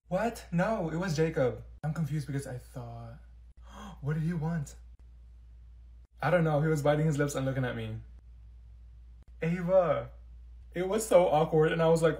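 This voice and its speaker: A man's voice: fairly high pitch, a little mellow. A young man acting out school comedy skits, switching between blunt, sassy characters. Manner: sassy, blunt, quick-shifting voices.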